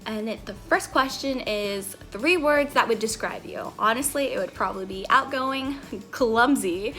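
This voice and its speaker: A woman in her twenties with a fairly high, slightly bright voice talks a little slowly to her camera mic in a get-to-know-me vlog, bubbly and giggly, hopping between topics over faint background music.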